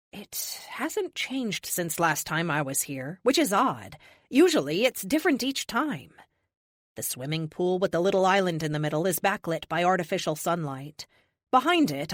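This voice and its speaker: A woman narrating a first-person audiobook in an expressive, youthful, wry manner. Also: lowish voice, no echo, clean studio sound.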